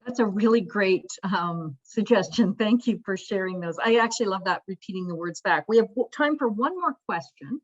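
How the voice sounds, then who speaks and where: A woman's voice: medium pitch, lively intonation, moderate pace, hardly any pauses. A woman moderates a webinar over a video call, politely thanking the guest and reading out audience questions. Her voice comes through dull, lo-fi call audio.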